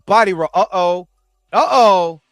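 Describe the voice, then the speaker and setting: Chatty higher-voiced man hosting a livestream. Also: a little slow, fairly bright tone, no echo, studio quality. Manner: laid-back, chatty, often laughing and trying voices. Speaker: livestream host reading chat. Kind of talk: casual livestream chat.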